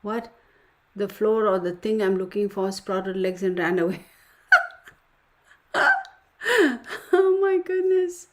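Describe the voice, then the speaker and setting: Woman host, casual live stream chatter, reads chat aloud, laughs a lot, mid-pitched voice. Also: little pitch movement, takes it slowly, long pauses. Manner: reads comments aloud, laughs often, exclaims in surprise.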